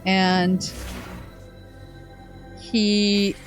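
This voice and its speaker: A woman's voice: medium pitch, drawn-out words, soft background music. A young woman streaming a game, rambling casually and reading game text aloud, laughing often. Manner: rambling, animated, laughs a lot. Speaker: vtuber streamer. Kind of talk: casual gameplay chat.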